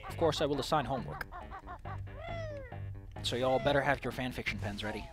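A man's voice: medium pitch, fairly quick, over music. A man giving casual, sarcastic commentary while streaming a video game and joking with his chat.

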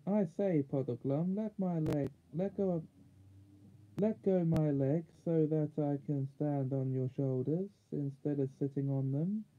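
A man's voice: a little high, measured pace, natural voice. Jill, a man doing a brave schoolgirl. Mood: eager. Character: brave schoolgirl, determined and quick. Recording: narrow phone-like sound.

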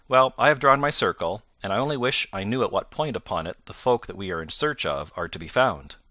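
A man reading the part of a jovial, confident male police inspector in an audiobook, loud and hearty. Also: lowish voice, lively intonation, fairly quick, no echo, clean studio sound.

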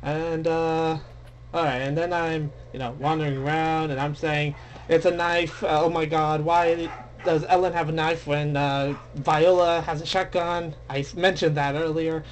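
A young man commenting casually on a game he plays, excitable and dramatic, mocking himself, with game music behind. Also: a little high, unhurried, slight background noise. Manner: excitable, dramatic, self-deprecating. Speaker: let's play gamer. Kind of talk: casual game commentary, reading dialogue aloud. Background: faint game music.

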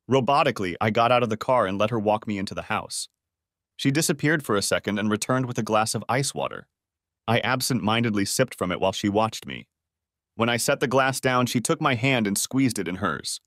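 A man's voice: lowish voice, brisk, fairly bright tone, no room sound, clean studio sound. A man narrating a first-person audiobook story in a dramatic, emotive reading.

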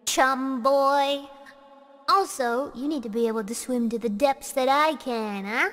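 A woman streamer with a fairly high voice who talks in a hammy, playful way, breaking into squeals and mock drama. Her voice trails off into a long, echoing reverb, as if she were in a big hollow space. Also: measured pace, a bit bright. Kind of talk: playful livestream chat.

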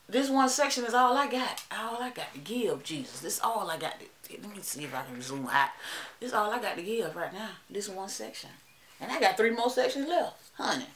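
A woman's voice: mid-range voice, animated, moderate pace, a bit bright. Southern lady chatting to her viewers about her hair, dramatic, echoey room at home. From Alabama. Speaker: hair vlogger. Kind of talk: casual vlog chat.

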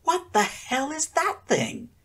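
A man voicing a nervous teenage girl who squeaks out uneasy remarks. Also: wildly swooping pitch, slow, creaky, a bit bright, exaggerated voice.

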